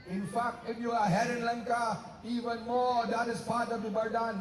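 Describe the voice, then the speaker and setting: Trinidadian male storyteller-preacher, high and level voice, roomy distant festival PA sound. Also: level tone, normal speed, few pauses, a little hiss or hum. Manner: storytelling, addresses devotees, bursts into sung chants. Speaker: Ramleela narrator. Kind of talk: devotional storytelling with chanting. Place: outdoor festival stage.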